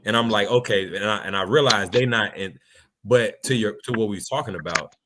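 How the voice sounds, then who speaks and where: A man's voice: fairly low pitch, fairly quick, noisy background. A man co-hosting a casual chat, talking bluntly and emphatically with plenty of profanity. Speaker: podcast co-host.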